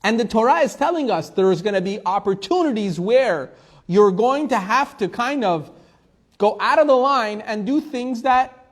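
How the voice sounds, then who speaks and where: A male rabbi teaches a weekly Torah class in a relaxed, conversational way. His voice sits fairly high for a man, and he weaves Hebrew quotations into his storytelling. He often poses a question to the room and then answers it himself.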